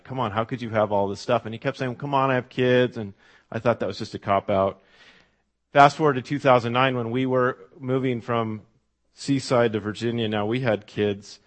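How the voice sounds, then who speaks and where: A middle-aged man preaching a sermon as pastor, telling stories in a conversational way with fillers and asides to the congregation. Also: on the low side.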